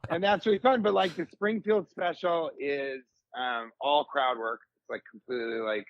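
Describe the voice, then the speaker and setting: Comedian guest, man in his forties, a bit high-pitched, rambling animated storyteller on a dry, dull podcast mic. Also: moderate pace, no echo. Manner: rambling, animated storyteller, jumps into high comic voices for quotes. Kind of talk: casual podcast chat.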